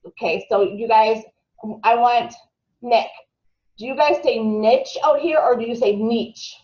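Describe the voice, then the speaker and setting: A woman with a highish, slightly mellow voice speaks at a measured pace while leading a marketing training for a roomful of trainees. She's chatty, tosses questions to the group and occasionally stumbles over a word, all in a dull, lo-fi recording.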